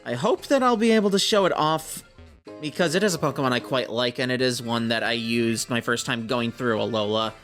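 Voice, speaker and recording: A slightly hoarse young man from Minnesota, casually commenting on a game he plays and reading its dialogue aloud in playful voices. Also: medium pitch, brisk, a bit bright, soft background music. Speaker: let's-play host.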